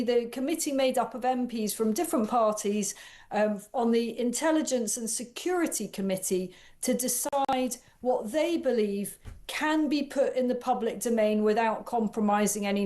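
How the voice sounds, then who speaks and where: A woman's voice: a little high, darkish tone. A woman with a British accent giving confident, analytical political commentary as a guest on a radio talk show.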